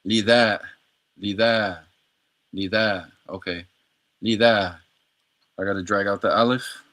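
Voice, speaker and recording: A man with a somewhat low voice talks through his language practice on a livestream. He repeats each word several times and drops in easy slang between tries. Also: fairly even intonation, unhurried, pauses often, a bit bright. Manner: repeats words over and over, slangy and playful. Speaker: streamer learning Arabic.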